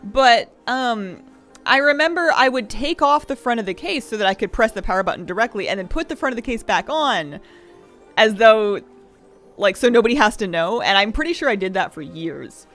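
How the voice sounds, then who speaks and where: Chatty young woman streamer, lively pitch. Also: moderate pace, faint music behind. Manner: chatty, rambling storytelling with laughs. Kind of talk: casual chat with stream viewers.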